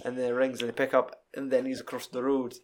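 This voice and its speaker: A young Scottish man in casual chat, animated, swearing freely and acting out scenes with laughter. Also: mid-range voice, fast.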